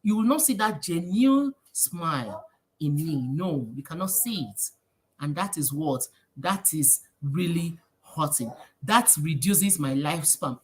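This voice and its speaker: A woman with a Nigerian accent hosting a casual livestream, preachy and lively, slipping in Pidgin phrases. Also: deep voice, a little hiss or hum. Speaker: livestream host.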